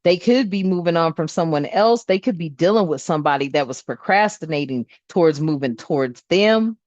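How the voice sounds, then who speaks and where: A woman doing a spiritual reading in a casual vlog, talking bluntly with lots of swearing and lively storytelling. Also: deep voice, a little fast, dry recording. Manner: blunt, profane, animated storytelling. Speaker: spiritual reader. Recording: dull, dry sound.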